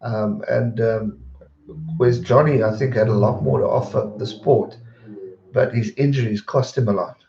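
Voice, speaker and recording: A man hosting a livestream, casually chatting and answering viewers' questions with a rambling, relaxed manner. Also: lowish voice, normal speed, gravelly, reverberant, highs cut off, slight background noise. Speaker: livestream host.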